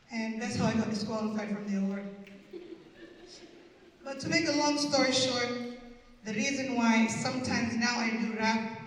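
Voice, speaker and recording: A woman's voice: a little high, normal speed. A woman in her fifties doing live stand-up storytelling, with a wry, punchy delivery full of wordplay. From Canada. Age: 50s. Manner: wry, punchy, plays with words and accents. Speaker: stand-up comedian. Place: community event hall. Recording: echoey hall from far off.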